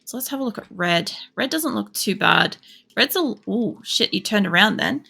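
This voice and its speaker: Gravelly Australian woman gaming. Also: medium pitch, lively intonation, moderate pace, sharp tone. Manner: rambling, chatty, swears freely. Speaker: game streamer. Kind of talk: casual chat while playing. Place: home computer setup.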